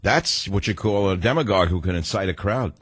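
A man's voice: deep voice, lively intonation, brisk, breathy edge, no room sound. An older man hosting a talk radio show, delivering a combative, sarcastic, rambling monologue.

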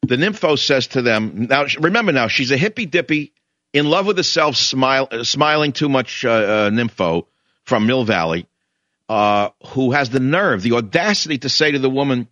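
An older man hosts a radio talk show with a bright, forceful voice, and his pitch swings widely as he rants. He mocks people and acts out their voices while he tells his story. The sound is dry and a little dull, like a radio studio. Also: lively intonation, normal speed, dry recording. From New York. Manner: indignant, mocking, storytelling with mimicked voices. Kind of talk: ranting monologue.

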